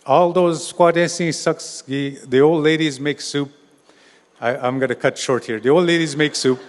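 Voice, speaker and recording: A man's voice: on the high side, fairly even intonation, moderate pace. Informal male storyteller in a reverberant hall. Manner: informal, restarts words, says "eh". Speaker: storyteller and speaker at a treaty gathering. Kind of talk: oral storytelling talk.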